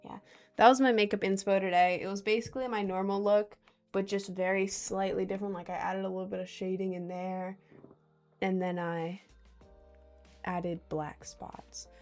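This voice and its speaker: A woman's voice: mid-range voice, little pitch movement, normal speed, a little mellow, faint music behind. A young woman livestreaming, chatting casually and reading out viewers' comments with frequent laughs. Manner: rambling and giggly, reading out chat.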